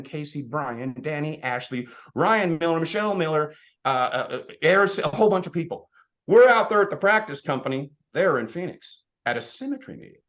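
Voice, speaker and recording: A man's voice: a little high, muffled recording. Fired-up man preaching to his team. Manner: blunt, fired-up, preachy, swings between loud and hushed. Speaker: insurance agency leader speaking to his team. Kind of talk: motivational talk.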